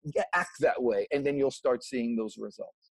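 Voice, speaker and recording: A man being interviewed, giving energetic, preachy motivational advice in casual talk. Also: mid-range voice, moderate pace. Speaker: interview guest, sales motivator.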